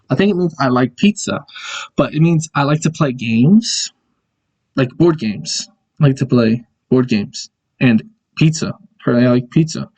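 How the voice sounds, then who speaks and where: A man's voice: medium pitch, darkish tone. A young man in his twenties chats his way through old school projects. His mid-range voice wanders off on tangents, catches its own slips and laughs at itself. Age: young adult. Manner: rambling, self-correcting, chuckling asides. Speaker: video creator. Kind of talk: casual screen-share walkthrough.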